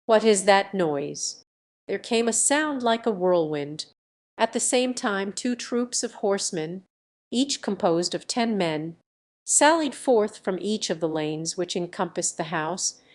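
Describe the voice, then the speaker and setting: A woman reading a classic adventure novel aloud as an audiobook narrator, in an even, measured way. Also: mid-range voice.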